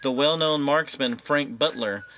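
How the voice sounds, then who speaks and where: Bright-voiced man reading trivia. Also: medium pitch, a little slow, slight background noise. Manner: dry, matter-of-fact, explains at length. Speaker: podcast co-host. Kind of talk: casual chat, reading trivia.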